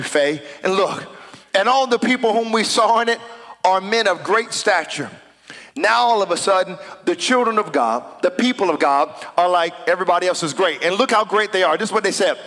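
A man preaching a sermon, reading scripture aloud and building to shouted declarations. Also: sits high. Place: church sanctuary. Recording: long hall reverb.

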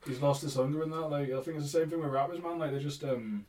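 A man's voice: a little high, fairly even intonation, fast, a crowd in the background. A man who is a guest on a music show, musing casually about rappers and saying "like" and "man" a lot. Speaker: guest picking songs. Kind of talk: casual chat.

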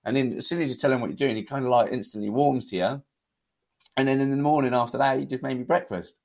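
A British man, a podcast guest, telling his stories in a relaxed, chatty way with plenty of fillers. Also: mid-range voice, quick pace, vocal fry. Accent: British English. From United Kingdom. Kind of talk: casual conversational storytelling.

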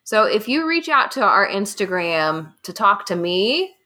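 A woman's voice: medium pitch, sing-song, unhurried, pushed and bright. A woman co-hosting a podcast in casual chat, telling stories and teasing her co-hosts. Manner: chatty, storytelling, playful teasing. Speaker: podcast co-host.

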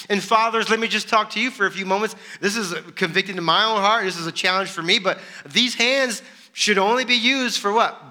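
Pastor, male, high voice, animated sermon delivery with rhetorical questions.

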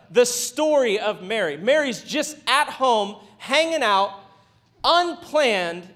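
High-voiced man preaching conversationally. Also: a bit bright. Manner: conversational preaching with playful asides and acted-out quotes. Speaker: pastor. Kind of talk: sermon.

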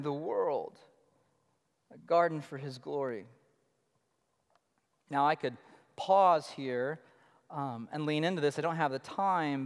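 A high-pitched male pastor delivers an animated sermon, rising to punchy emphasis and dropping to near murmurs. His voice rings out with a long hall reverb. He sounds like a man in his thirties. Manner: animated preaching, shifting between loud emphasis and low murmurs.

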